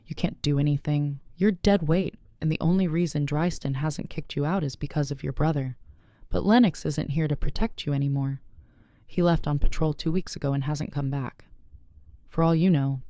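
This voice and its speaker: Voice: medium pitch, moderate pace, dark tone, no echo, clean studio sound, natural voice. A narrator voicing a vicious, scornful female werewolf rival in a storybook reading, with a mocking, contemptuous delivery.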